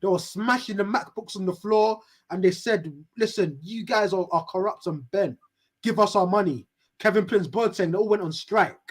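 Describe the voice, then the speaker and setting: A man co-hosting a casual football podcast, telling stories in an animated way with rhetorical questions. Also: sits high, normal speed. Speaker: podcast co-host.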